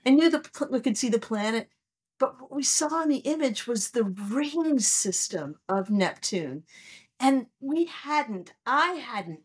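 A woman in her sixties, a planetary astronomer telling stories in a conversational interview, animated and acting out her excited reactions. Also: a little high. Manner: animated storyteller who acts out her own excited reactions.

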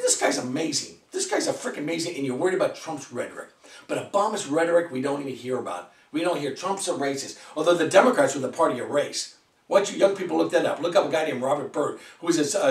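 Fast, heated ranting man, echoey room. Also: on the high side, recorded from a distance. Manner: heated, rhetorical questions, swearing. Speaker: vlogger. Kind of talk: political rant. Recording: echoey room, away from mic.

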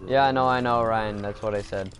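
A man with a fairly low voice talks casually over his gameplay, thinking out loud as he goes. He gets irritated easily at the game. A faint noise sits under the recording. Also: steady tone, fairly quick. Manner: chatty, thinks aloud, easily annoyed by the game. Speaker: gaming video host.

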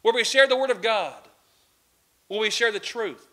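A man's voice: high-pitched, moderate pace, bright, forceful tone. A man preaching a sermon as pastor, impassioned, with a repeating cadence.

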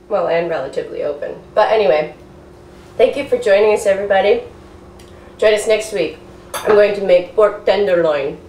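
A woman's voice: medium pitch, big pitch swings, a little slow, long pauses, a little mellow, slight background noise. A woman hosting a home cooking show, chatting easily and laughing often. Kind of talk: casual cooking show chat. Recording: echoey kitchen, distant mic. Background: dishes and pans.

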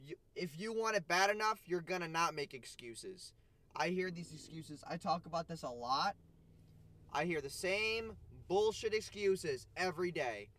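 A man's voice: high voice, expressive, a little slow, a bit bright. A man vlogging a motivational rant, blunt and profane, scolding his viewers.

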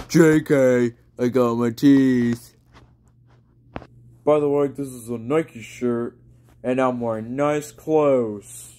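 A man's voice: mid-range voice, steady tone, slow pace, mellow. A young man making a silly, rambling home vlog in his bedroom, repeating words as he goes.

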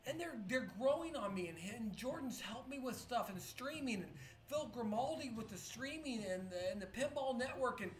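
A woman streamer, drunk and close to tears, talks in a halting, rambling, profane way with many restarts. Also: fairly high pitch, animated, slight background noise. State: tearful. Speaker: pinball streamer. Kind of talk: emotional live-stream monologue. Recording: echoey room with faint music. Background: faint music.

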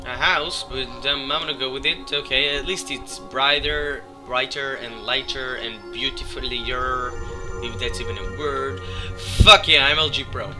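A man with a hoarse, sick voice doing casual gameplay commentary, excitable and swearing as he talks to things in the game. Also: medium pitch. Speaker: let's play gamer. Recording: game music behind voice. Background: game music.

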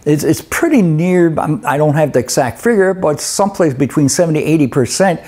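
A middle-aged man teaches a live webinar on truck inspections in a folksy, conversational way. His voice sits a little high for a man, yet its tone is mellow. He keeps checking in with his listeners with "okay?" and "eh?". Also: lively intonation, a little fast. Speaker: instructor.

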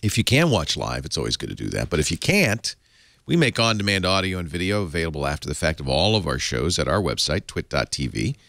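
A man's voice: low voice, sing-song, fast, gravelly, a bit bright, dry recording, clean studio sound. A man hosting a tech podcast, thanking guests and reading plugs with playful, jokey patter. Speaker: podcast host.

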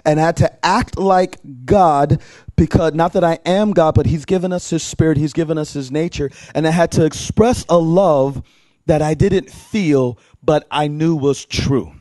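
A male preacher tells a personal story to his congregation in a loose, chatty way, acting out every line of dialogue. His voice sits a little high for a man. The sound is dry, with no echo. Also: unhurried. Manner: animated and conversational, acting out dialogue. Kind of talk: sermon storytelling.

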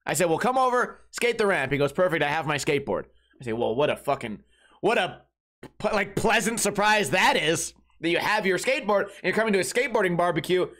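A man's voice: high voice, a little fast, fairly bright tone. A man hosting a comedy podcast, telling rambling, crude, jokey stories about his weekend in a casual way. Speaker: podcast host.

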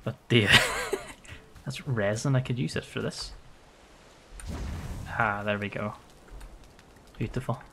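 A man streaming a game with playful, excitable commentary and frequent laughter. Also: fairly low pitch, slow, vocal fry, pauses often, slight background noise. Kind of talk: live gameplay commentary.

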